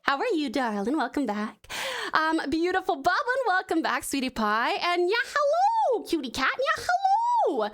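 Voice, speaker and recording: A woman's voice: high-pitched, fairly bright tone. A young Australian woman from Tasmania streaming a game, chatting casually and giggling, calling her viewers pet names. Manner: bubbly, giggly, greets chat with pet names. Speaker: VTuber streamer. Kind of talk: casual live-stream chat while gaming. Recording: game music playing under the voice.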